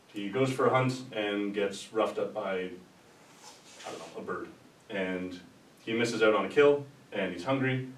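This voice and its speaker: Low-voiced man rambling through a lecture. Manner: rambling, conversational, with restarts and asides. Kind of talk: informal lecture. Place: lecture room. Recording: roomy sound from a distant mic with faint rumble.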